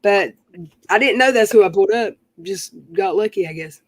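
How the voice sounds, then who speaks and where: A woman talks loosely and casually as she hosts a live stream, trailing off into fillers as she goes. Her voice sits at an ordinary middle pitch. The sound is close and dry. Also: moderate pace, no echo. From North Carolina. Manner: chatty, rambling with fillers. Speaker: stream host.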